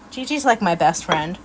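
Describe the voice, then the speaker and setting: A middle-aged woman, chatting folksily and laughing as she demonstrates a recipe in her home kitchen. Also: fairly low pitch. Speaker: cooking vlog host. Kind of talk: casual cooking demonstration. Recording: loud background noise.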